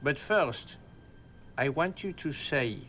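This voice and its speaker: A man's voice: fairly high pitch, animated, takes it slowly, fairly bright tone, slight background noise. An actor playing a cocky French male racing driver with a put-on French accent, smug and theatrical.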